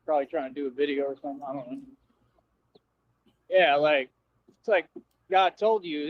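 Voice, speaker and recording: A man with a notably high voice rants at his audience on a livestream, combative and full of street slang, repeating the same points over and over. The audio is dry and a little dull, with no room sound at all. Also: moderate pace, long pauses, no echo. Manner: confrontational, slangy, repetitive ranting at viewers. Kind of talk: ranting livestream monologue.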